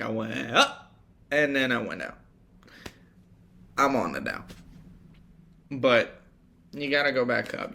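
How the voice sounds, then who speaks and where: A young man rambles through a solo podcast at an unhurried pace, swearing easily and drifting into reflective thoughts. His voice has a gravelly fry with a bright, forward edge. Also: medium pitch, slight background noise. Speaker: podcast host. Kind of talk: casual solo monologue.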